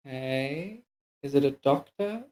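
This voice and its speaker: A man playing a character in a tabletop game, speaking hesitantly and haltingly. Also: mid-range voice, lively intonation, a little mellow, low-quality recording. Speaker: player.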